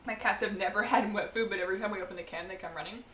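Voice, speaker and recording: A woman's voice: medium pitch, very fast, a bit bright. A woman streamer chatting casually while she bakes at home, rambling from one aside to the next. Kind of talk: casual live-stream chat while baking. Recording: roomy echo, faint background noise.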